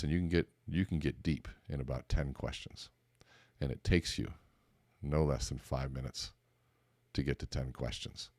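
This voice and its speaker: A man's voice: a bass voice, dry recording, studio quality. A man hosting a podcast, giving a motivational talk on conversation and acting out the dialogue of his stories. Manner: animated storytelling, acts out dialogue in a raised voice. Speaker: podcast host and speaker coach.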